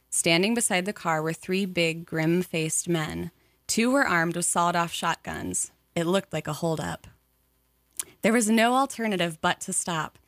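A woman narrating a memoir audiobook in a measured, even storytelling manner. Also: on the low side, no echo.

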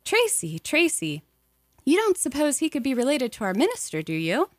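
A woman's voice: high-pitched, wildly swooping pitch, normal speed, no echo, studio quality, voice pushed up. A woman reading aloud, voicing a demure, shy aunt.

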